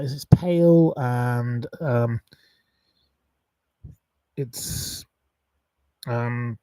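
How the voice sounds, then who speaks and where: A man's voice: medium pitch, darkish tone, dry recording, far from the mic, rough recording. Chatty man hosting a quiz. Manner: chatty and rambling, reeling off long lists. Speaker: quiz host on a live stream. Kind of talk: casual live quiz chat.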